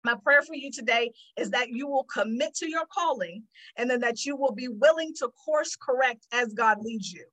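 A woman host giving sermon-style teaching, animated as she acts out prayers and God's replies. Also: on the high side, moderate pace, low-quality recording.

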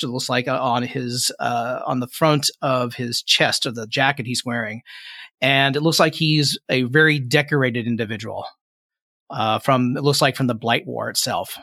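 A man running a tabletop game, narrating the scene in a loose, rambling manner. His mid-pitched voice has a gravelly edge. The sound is dry and close. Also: bright, forceful tone, dry recording. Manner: rambling, descriptive, many fillers. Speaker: game master.

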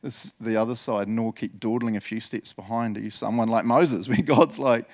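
A man preaching a sermon in an animated, laughing way, acting out voices from the Bible. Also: medium pitch, normal speed. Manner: animated, laughs often, acts out voices of biblical figures. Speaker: pastor.

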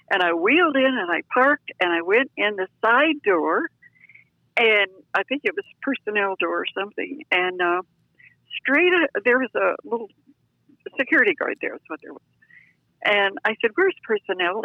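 An older woman telling a personal story in an interview, animated and acting out the voices of the people in it, on a dull lo-fi recording. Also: medium pitch, no room sound. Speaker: interview guest.

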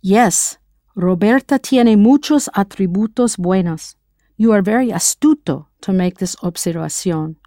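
A woman leads a scripted audio language lesson and keeps quizzing the listener in a light, playful way. Her voice sits at a middle pitch, and the recording is dry and close with no room sound. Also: unhurried, dark tone, no echo. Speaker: language teacher.

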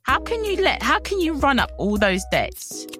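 A woman's voice: sits high, very animated, normal speed, fairly bright tone, soft background music. A woman with a London accent co-hosting a podcast, chatting casually and agreeing with sympathy. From England. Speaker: podcast co-host. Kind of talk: casual chat.

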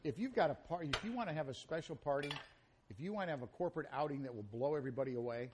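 A man's voice: a little high, animated, racing, slight background noise. A man hosting a live radio cooking show, chatting in a jovial, rambling way. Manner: jovial, rambling, talks with mouth full. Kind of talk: casual live radio chat.

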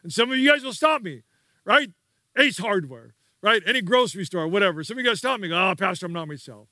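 High, bright-voiced preaching pastor. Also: male voice, animated, brisk, no echo, studio quality. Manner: emphatic, repetitive, prompts the congregation to repeat words. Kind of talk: sermon.

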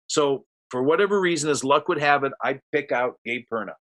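Bright-voiced man telling a rambling story. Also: medium pitch, a little fast. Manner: rambling, animated, acts out quotes. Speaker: storyteller guest. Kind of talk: casual anecdote.

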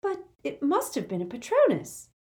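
A sharp, anxious teenage witch, put on by a woman reader speaks well above the reader's own pitch. She fires off pressing questions one after another. It is a storybook reading. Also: huge pitch swings. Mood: urgent, incredulous. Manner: rapid, pressing questions in a raised voice.

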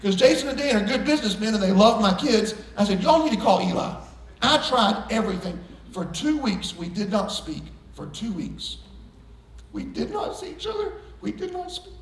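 A middle-aged male pastor telling a story in a sermon, animated, laughing and bursting into shouts. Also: sits high, moderate pace. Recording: echoey room heard from a distance.

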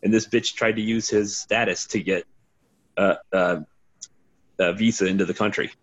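Husky low-voiced man telling stories. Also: fairly even intonation, moderate pace. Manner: rambling, swearing, laughing storyteller. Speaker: podcast guest, former team DJ. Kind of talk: casual storytelling. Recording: dull lo-fi sound.

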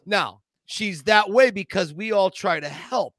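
Excitable high-voiced male podcast host. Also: measured pace, no room sound, clean studio sound. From Italian-American family. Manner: enthusiastic, rambling, animated storyteller. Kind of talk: casual interview chat.

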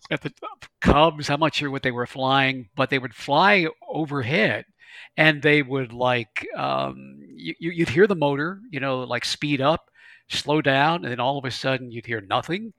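A middle-aged man, a glider pilot, telling stories in a folksy, animated way during an interview. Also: medium pitch, a little slow, creaky, no echo. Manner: folksy, animated storyteller with laughs and stammers. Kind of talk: conversational interview storytelling.

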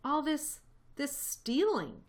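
A woman reading a storybook voices a fretful, excitable old badger. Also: high-pitched, takes it slowly, voice pushed up, full character voice. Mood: worried.

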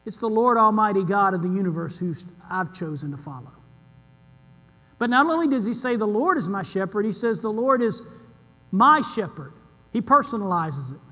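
A man's voice: extremely high pitch, a bit bright. A man preaching an earnest sermon as pastor, leaning on emphatic repetition. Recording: long hall reverb.

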